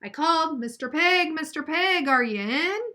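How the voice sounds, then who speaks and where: A woman reading aloud as a sly, smooth-talking male wolf telling his side of a storybook tale. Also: sits high, expressive, normal speed, pushed and bright, voice pushed up. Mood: wry.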